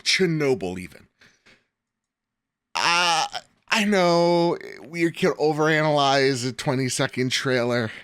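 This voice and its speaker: Animated young man co-hosting a podcast. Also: a little high, slow, smooth, dry recording, studio quality. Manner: animated, rambling, laughs often. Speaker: podcast co-host. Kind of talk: casual podcast chat.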